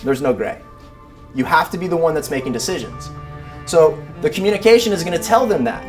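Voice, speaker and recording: A man, an animal behavior trainer giving a lively live talk to rescue volunteers and acting out everyday scenes. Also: on the high side, fairly quick, over music. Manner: animated, acts out scenes with shouted mock voices.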